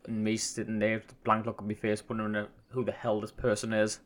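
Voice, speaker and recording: A man's voice: lowish voice, flat delivery, fast, hardly any pauses. A man hosting a casual solo podcast, rambling and self-deprecating, with hesitations and restarts. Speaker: podcast host.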